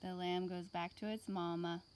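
A woman teaching an online art lesson for young children, explaining slowly and patiently. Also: lowish voice, flat delivery, a little mellow, a little hiss or hum.

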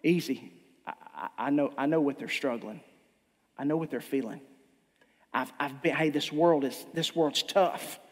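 A man voicing Jesus as a gentle figure who calmly soothes and pleads for mercy, heard with long hall reverb. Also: a little high, normal speed, voice pushed down. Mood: soothing. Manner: soft, calming, pleading.

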